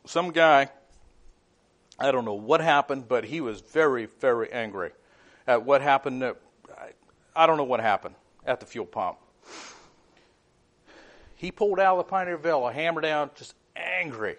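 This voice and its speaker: A man's voice: mid-range voice, normal speed, pauses often, a bit bright. A man preaching a sermon in an earnest, fervent way, often repeating his words.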